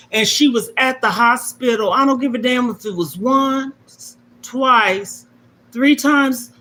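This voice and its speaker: A woman's voice: high voice, slow pace, a bit bright, slight background noise. A middle-aged woman hosting a livestream, talking emotionally and emphatically to viewers about her life and repeating her key points like a sermon. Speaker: livestream host. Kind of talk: emotional personal talk to viewers.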